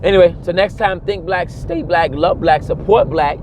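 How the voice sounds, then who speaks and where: A man's voice: sits high, moderate pace, noisy background. A young adult man talking straight to camera in a casual vlog, emphatic and preachy, repeating phrases for stress. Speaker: vlogger. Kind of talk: casual commentary monologue.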